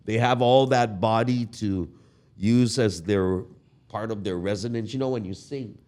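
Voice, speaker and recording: Older male musician, very low voice, unhurried and reminiscing. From Guam. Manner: relaxed, reminiscing, drawn-out storytelling. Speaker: guest musician. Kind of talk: casual podcast conversation.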